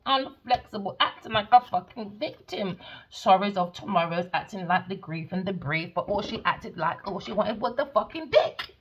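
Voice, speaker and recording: A woman's voice: mid-range voice, vocal fry, a bit bright, lo-fi sound. A woman giving a tarot reading as a profane, scornful rant, swinging into mocking sing-song taunts. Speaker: tarot reader.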